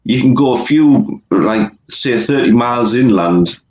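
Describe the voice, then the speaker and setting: A man's voice: medium pitch, lively intonation, unhurried, darkish tone, muffled recording, a little hiss or hum. An older man co-hosting a casual interview, joking and rambling with lots of restarts. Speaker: podcast co-host. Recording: roomy echo.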